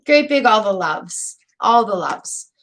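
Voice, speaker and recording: A woman's voice: medium pitch, big pitch swings, slow pace, noisy background. A middle-aged woman giving a live tarot reading, chatty, emotional and rambling with fillers. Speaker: tarot reader.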